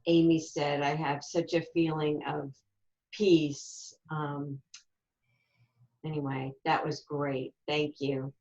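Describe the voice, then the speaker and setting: A woman in a group call, soft and grateful, speaking unhurriedly. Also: deep voice, highs cut off. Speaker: meditation group member.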